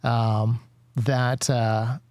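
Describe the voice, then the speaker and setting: A man's voice: medium pitch, flat delivery, very slow, a little mellow, no echo, clean studio sound. A man hosting a casual interview, talking in a rambling way with many fillers and self-corrections. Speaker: podcast host.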